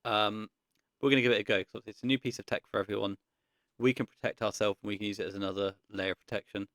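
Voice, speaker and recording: A man with a gravelly, rather low voice narrates his card game as he plays. He thinks out loud in a loose, unhurried way, stopping often to weigh his options. The sound is close and dry. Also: dry recording. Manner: thinks aloud, relaxed, frequent ums. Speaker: card game content creator. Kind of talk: casual gameplay commentary.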